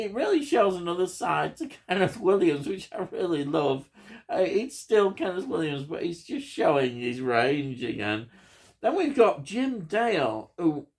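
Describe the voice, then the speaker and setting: Slow-talking enthusiastic man. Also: a little high, very animated. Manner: enthusiastic, with frequent ums and chuckles. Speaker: film reviewer. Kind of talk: casual spoken film review.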